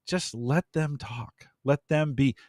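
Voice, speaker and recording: A man's voice: mid-range voice, slow, a little mellow, no echo, studio quality. A man in a casual podcast talk, giving earnest coaching advice to podcasters.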